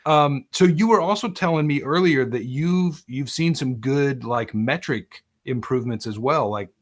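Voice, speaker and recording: A man's voice: mid-range voice, moderate pace. A man interviewing a client over a video call, conversational and loose, often saying "like" and "um". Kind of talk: casual remote interview.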